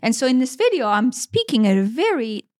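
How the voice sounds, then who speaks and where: A woman's voice: sits high, big pitch swings, fairly quick, a little mellow, no room sound, clean studio sound. A woman in her forties co-hosting a podcast, talking in an earnest, emotional way and swearing freely. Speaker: podcast co-host. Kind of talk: casual conversation.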